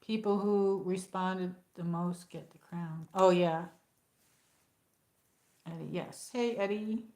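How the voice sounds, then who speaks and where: A woman's voice: fairly low pitch, steady tone, takes it slowly, mellow. Chatty woman live-streaming in an echoey room. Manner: chatty, rambling, many fillers. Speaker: livestream host. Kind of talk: casual livestream chat reading comments.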